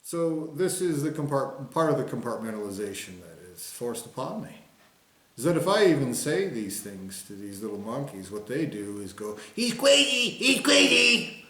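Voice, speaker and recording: With an animated, mid-range voice at moderate pace, a vlogger launches into a furious, profane rant to camera. He repeats phrases insistently and mimics people in sing-song put-on voices, all with a roomy echo.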